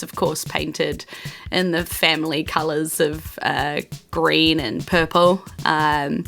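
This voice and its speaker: Kiwi woman GM, bright voice, relaxed filler-heavy narration. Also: low voice, creaky. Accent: New Zealand. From New Zealand. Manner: casual, many fillers. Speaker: game master. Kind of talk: narrating a tabletop game.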